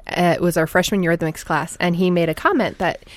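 A woman who directs music education, chatting in a quick-witted, teasing way. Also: fairly low pitch, fairly even intonation, no echo. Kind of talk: casual chat.

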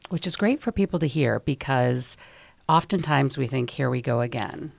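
A woman hosting an interview, gently summarizing and sympathetic toward her guest. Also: very deep voice, lively intonation, moderate pace, gravelly, dry recording. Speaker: interview host.

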